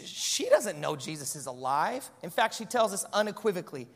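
A man delivers a sermon in a casual, animated way, joking with the congregation between points. His voice sits very high and sounds bright. The large church hall adds a long reverb. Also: normal speed, hardly any pauses. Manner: animated, conversational preaching with humor. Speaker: pastor.

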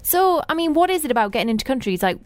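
A woman presenting on a radio show, telling animated, laughing anecdotes in a chatty way in a studio. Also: high-pitched, rapid-fire, dry recording. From Britain.

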